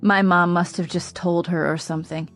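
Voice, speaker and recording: A woman reading the lines of a seriously ill young man in an audiobook, calm and subdued. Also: on the low side, normal speed, soft background music, natural voice. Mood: calm, regretful.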